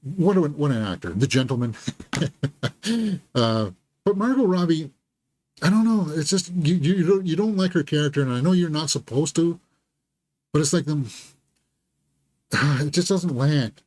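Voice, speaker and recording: A man's voice: fairly high pitch, lively intonation, moderate pace, pauses often, darkish tone, no room sound. A man hosting a live film review, thinking aloud and giving candid, critical verdicts. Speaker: movie reviewer and channel host. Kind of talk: live movie review commentary.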